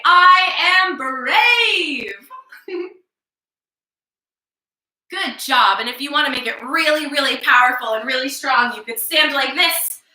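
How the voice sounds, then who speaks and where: A young woman leading a circle time lesson for small children, soft and encouraging, with slow spoken affirmations. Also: high-pitched, roomy sound, rough recording.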